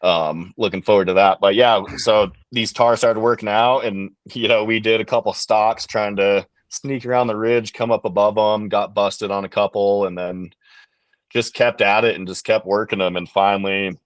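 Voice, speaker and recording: A man on a podcast, a bowhunting guest telling a hunting story in a relaxed, rambling way with lots of fillers. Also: fairly low pitch, moderate pace, no room sound. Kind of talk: casual storytelling in an interview.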